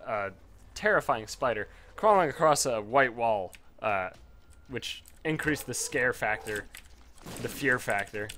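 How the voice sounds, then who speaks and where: A man rambling through casual gameplay commentary, telling a story with lots of swearing and sudden excited jumps in pitch. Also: slight background noise.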